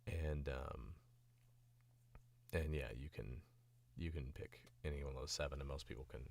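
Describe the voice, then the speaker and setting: A man's voice: rumbling low, normal speed, vocal fry. A man who is a voice actor, feeling sick, chatting casually on a stream in a rambling, filler-heavy way. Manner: rambling, filler-heavy and animated, demoing accents. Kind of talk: casual livestream chat.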